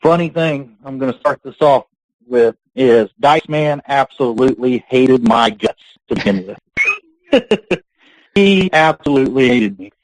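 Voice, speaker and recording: A man's voice: medium pitch, animated, unhurried, no echo, rough recording. A man being interviewed on a podcast, telling long rambling stories and laughing between them. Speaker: guest, pro wrestler. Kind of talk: casual podcast interview storytelling.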